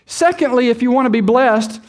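A man with a very high voice preaches to his congregation. He leans hard on key words, repeating and drawing them out, and stops to put questions to the room. It sounds like a pastor at the pulpit of a church. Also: brisk. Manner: addresses the congregation directly with questions. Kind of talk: sermon.

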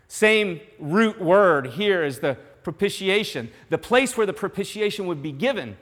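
A man preaching a sermon in earnest, dropping to a hush on some lines and rising to emphasis on others. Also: high voice, lively intonation, normal speed, few pauses. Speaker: pastor. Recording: long hall reverb.

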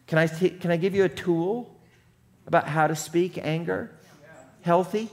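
Pastor with a higher man's voice. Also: moderate pace, darkish tone. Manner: conversational, checks in with the audience often. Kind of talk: sermon.

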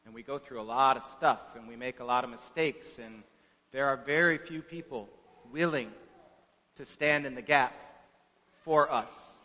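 A man preaching a sermon through storytelling, with long pauses and shifts from soft to loud, heard in an echoey hall on a dull recording. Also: mid-range voice, steady tone.

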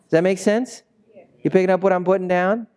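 A man's voice: high voice, fairly even intonation, a little fast, darkish tone. A younger man, a pastor, giving a conversational, jokey sermon and drawing the congregation into call-and-response. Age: young adult. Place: church sanctuary with a congregation.

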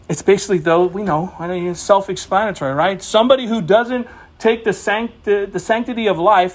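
A man preaching an informal sermon in a conversational way, getting emphatic at times. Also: sits high. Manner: conversational, emphatic, rising to animated exhortation.

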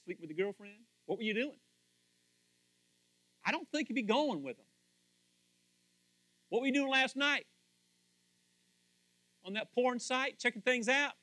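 A man preaching with a high, lively voice that leaps between near-whispered asides and loud calls. His tone is bright and forceful, and the sound is dry and close. He keeps putting pointed questions straight to his congregation. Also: dry recording. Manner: animated, swings from hushed asides to shouting. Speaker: pastor. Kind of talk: sermon.

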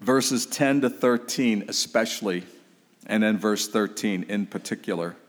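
A man's voice: on the low side, a little slow, long reverb tail. A man preaching a sermon, emphatic and exhorting, with casual asides to the congregation. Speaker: pastor.

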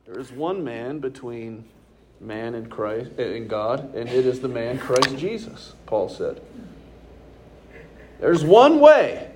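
A man's voice: mid-range voice, sing-song, slow pace, a little mellow, slight background noise. A man preaching a sermon as pastor, conversational and emphatic, posing rhetorical questions to his congregation.

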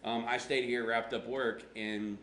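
This pastor's mid-range voice is slightly bright, fairly even in intonation, and a little slow. He tells stories in a chatty sermon, poking fun at himself and replaying his own past words, over a roomy echo and faint hum.

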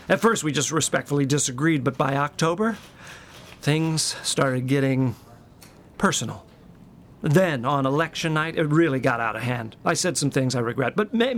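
A middle-aged man in a self-righteous, prissy comic monologue, explaining himself to a police officer and breaking into shrill, high-pitched rants. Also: slight background noise. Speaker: comedic monologue character.

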